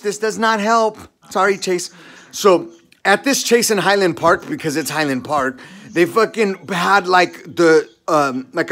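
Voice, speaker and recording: A man's voice: fairly high pitch, a bit bright. Heated, rambling, profane man. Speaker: podcast talker. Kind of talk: casual ranting monologue.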